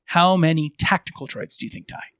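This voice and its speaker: A man's voice: fairly high pitch, steady tone, a little fast, a bit bright, no room sound, studio quality. A man co-hosting a casual fan podcast, carefully tallying figures and explaining them at length. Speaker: podcast co-host.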